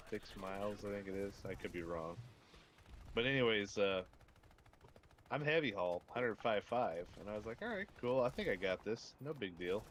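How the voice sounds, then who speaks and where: A man with a lowish voice chats casually on a game stream, drifting through a long story and laughing at himself. Steady game gunfire and explosions rattle clearly behind him. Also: slight background noise. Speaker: streamer, former truck driver. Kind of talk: casual gaming chat.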